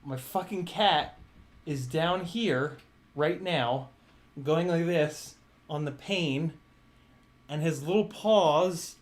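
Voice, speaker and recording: A man chatting casually on a live Q&A stream, laughing often, swearing and scolding his cat. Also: fairly high pitch. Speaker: drone streamer. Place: home room with glass doors.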